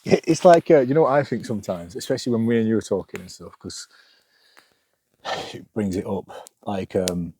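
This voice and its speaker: A man co-hosting a casual podcast outdoors by a campfire, talking in a halting way with many restarts. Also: lowish voice, breathy edge. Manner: halting, many restarts and fillers, laughs softly. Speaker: podcast co-host. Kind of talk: casual chat.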